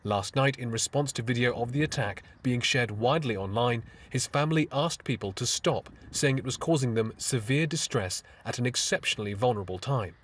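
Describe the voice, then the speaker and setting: A man reporting for a news bulletin in a steady, formal delivery. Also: mid-range voice, brisk, hardly any pauses, slightly rough, distant mic.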